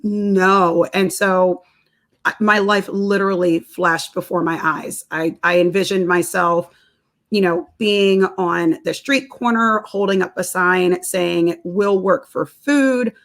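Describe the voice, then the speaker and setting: A woman's voice: fairly low pitch, fairly even intonation, unhurried, a bit bright. A woman, a nutrition counselor and personal trainer, telling a personal story in a casual interview, laughing often and repeating words as she goes.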